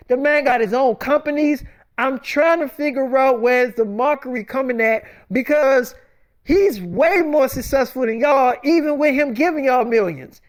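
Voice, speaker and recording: A woman with a high voice tells a story casually. Her delivery is emphatic and full of profanity.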